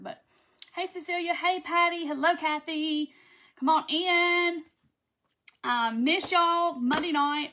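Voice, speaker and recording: A woman's voice: high voice, pushed and bright. A woman hosting a casual craft live stream, chatting, greeting viewers by name and laughing often. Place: home craft room.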